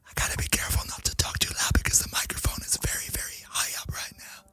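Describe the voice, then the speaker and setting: A man putting on a breathy ASMR whisper for a whispered role-play, hushing an excited esports commentary as a game streamer. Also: fast talker, close to an everyday voice. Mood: hushed hype. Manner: hushed, playful hype.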